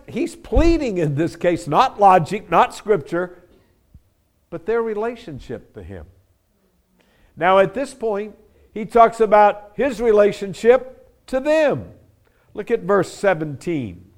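Male pastor, middle-aged, preaching slowly with an animated, rising and falling voice. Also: sits high. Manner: expository, dramatizes quoted verses with lively emphasis. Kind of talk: sermon.

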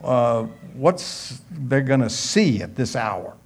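A man's voice: mid-range voice, expressive, takes it slowly, vocal fry, breathy edge, full character voice. Preacher playing a pushy young guy on a date, coaxing. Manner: coaxing, pleading. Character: eager young man courting a girl.

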